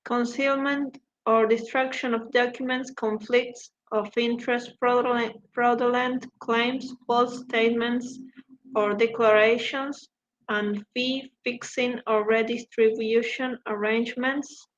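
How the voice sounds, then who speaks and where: A woman's voice: on the high side, fairly even intonation, unhurried. Woman student reading aloud on a call. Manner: careful reading, stumbles and self-corrects. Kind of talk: reading a text aloud in class. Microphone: video call. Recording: muffled call audio with faint noise.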